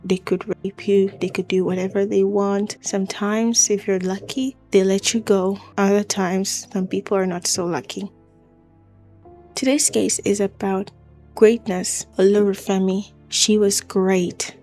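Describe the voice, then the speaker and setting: A woman's voice: mid-range voice, little pitch movement, unhurried, warm tone, soft background music. A woman telling a true-crime story in a conversational, explanatory way, listing things in short phrases. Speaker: channel host and narrator.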